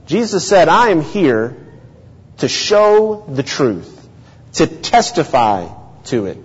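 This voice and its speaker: Husky-voiced preacher in a reverberant hall. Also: male voice, a little high, sing-song. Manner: earnest, measured teaching with rhetorical questions. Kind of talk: sermon. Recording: dull lo-fi audio with long hall reverb.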